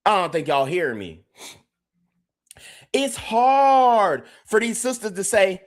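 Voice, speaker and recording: A man's voice: high-pitched, very animated, slow pace, long pauses. Male podcast host, emphatic repetitive ranting to his live chat. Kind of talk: livestream commentary rant.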